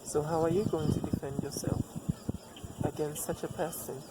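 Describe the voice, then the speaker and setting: A man's voice: fairly high pitch, moderate pace. A man giving relationship advice in a reflective personal monologue, repeating himself for emphasis and asking rhetorical questions. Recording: steady background noise.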